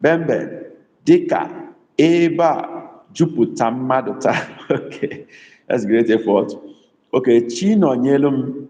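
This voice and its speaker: A man's voice: mid-range voice, animated, dark tone, muffled recording. Man tutoring in an echoey room. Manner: patient, repeats words slowly, calls on students by name. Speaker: language tutor. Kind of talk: live online class teaching. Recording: echoey room with long reverb.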